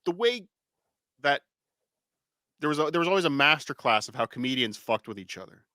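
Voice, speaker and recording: A man's voice: a little high, animated, fairly quick, pushed and bright, dry recording, studio quality. A man co-hosting a casual podcast, sardonic and exasperated in his jabs. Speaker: podcast co-host. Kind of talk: casual call-in show banter.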